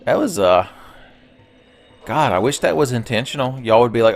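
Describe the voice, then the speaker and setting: A man's voice: medium pitch, very animated, fairly quick. A man casually commenting over his own gameplay, rambling into joking asides and swearing freely. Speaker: let's play host.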